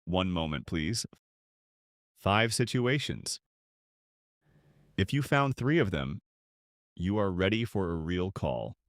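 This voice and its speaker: Man, English teacher, very slow, animated pitch, clear pauses. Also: no echo, clean studio sound. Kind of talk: slow scripted lesson for learners.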